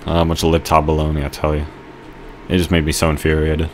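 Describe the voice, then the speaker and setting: A man giving rambling let's play commentary, telling a halting story with mock outrage while he plays. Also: very deep voice, level tone, slight background noise. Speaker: gamer.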